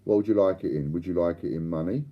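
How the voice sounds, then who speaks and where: A man's voice: low-pitched, quick pace, highs cut off. An older man hosting a live stream, chatting and bantering with viewers and reading out their comments. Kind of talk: casual chat to live viewers.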